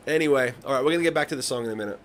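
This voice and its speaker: A man's voice: mid-range voice, rapid-fire, slight background noise. A man in his thirties hosting a live songwriting stream, chatting casually and swearing freely as he tells rambling stories. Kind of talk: casual chat to a live audience.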